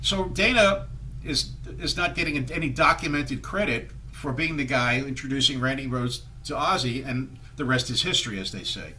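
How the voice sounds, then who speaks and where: A man's voice: mid-range voice, normal speed, pushed and bright, a little hiss or hum. A man in his sixties, a guest musician in an interview, telling long rambling stories and acting out the voices of people he quotes. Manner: rambling storyteller who acts out quoted voices. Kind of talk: anecdotal storytelling interview.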